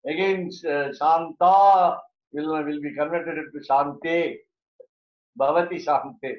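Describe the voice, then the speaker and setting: A man explains Sanskrit grammar to a class, pausing often on "uh" and repeating himself. His voice sits a little high for a man. The recording is roomy and muffled, with a dull, lo-fi tone. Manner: halting, many "uh" fillers and repeats. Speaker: teacher of scripture.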